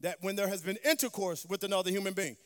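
A woman's voice: medium pitch, fast talker, a bit bright. A woman preaching a sermon, emphatic, calling out for responses from the congregation. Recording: long hall reverb.

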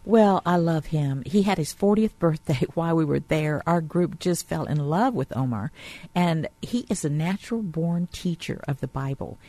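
A woman's voice: low voice, expressive, moderate pace, warm tone, no room sound. A woman guest on a radio show who talks enthusiastically and chattily about a tour she managed. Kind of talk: radio interview.

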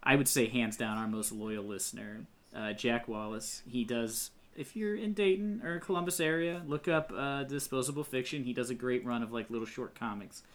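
A man's voice: mid-range voice, normal speed, few pauses. A man hosting a movie podcast, chatting and joking with restarts. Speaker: podcast host. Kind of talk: casual chat.

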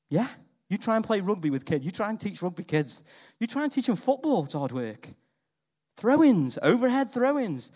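A middle-aged man preaching a sermon, telling stories and quizzing his congregation. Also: high-pitched. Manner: animated storytelling, quizzing the congregation. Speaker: pastor. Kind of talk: lively sermon.

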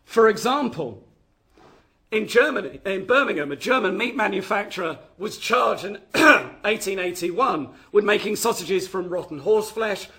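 A man's voice: sits high, expressive, normal speed, sharp tone. A man giving an academic history lecture, reading from his notes and often restarting his phrases. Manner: reads from notes with frequent restarts.

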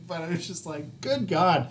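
A man on a podcast spins a casual, profanity-laced anecdote, bringing it to life with animated delivery. His voice sits a touch higher than most men's. A faint hum of background noise runs under the recording. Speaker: podcast co-host. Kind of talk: casual storytelling.

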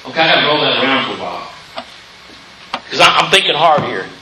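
A man preaching a fiery sermon in a church, calling out "Amen?" and rising to shouts. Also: mid-range voice, big pitch swings, fast talker, echoey room, noisy background.

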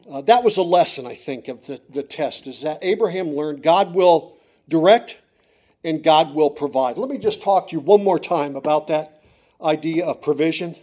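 A middle-aged male preacher with a voice pitched a little above the usual man's. He tells the story in a hushed, close tone. Then he climbs into loud, emphatic declarations. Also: lively intonation, moderate pace. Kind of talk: sermon.

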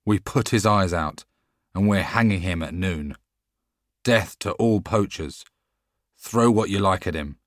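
Guy reading young outlaw hero, defiant, deep voice, barks orders when he shouts, storybook. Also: a little slow, no room sound, clean studio sound. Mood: shouting. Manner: earnest, then loud and commanding when shouting. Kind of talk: audiobook character voice.

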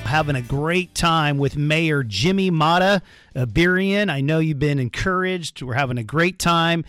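A man's voice: fairly high pitch, measured pace, fairly bright tone, clean tone, soft background music. A man hosting a podcast, speaking earnestly in a casual interview with frequent restarts. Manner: earnest, many fillers and restarts. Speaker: podcast host.

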